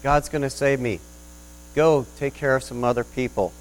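A man voicing a stubborn, devout preacher who calmly refuses rescue in a flood story. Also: mid-range voice, moderate pace, natural voice, low-quality recording. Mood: serenely stubborn. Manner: calm, firmly confident refusals.

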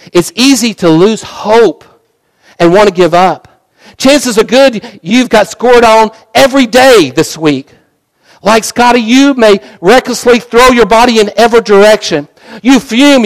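A male pastor preaching a sermon through a story, dramatic, swinging from fervent bursts to hushed, softer passages. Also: high-pitched, no echo, rough recording.

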